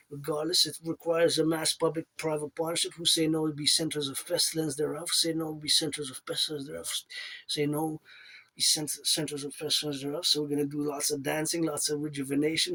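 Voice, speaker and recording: A man's voice: a little high, a bit bright, husky. A man rambling in a monologue to camera, repeating himself and reeling off places in bursts. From Canada. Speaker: self-styled event organizer.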